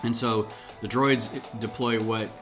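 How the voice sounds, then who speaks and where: Low-voiced man hosting a relaxed livestream. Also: a little slow. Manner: rambling, thinking aloud while building. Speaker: host of a LEGO design livestream. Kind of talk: casual livestream chat. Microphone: desk mic, a bit farther off than usual. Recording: background music under the voice.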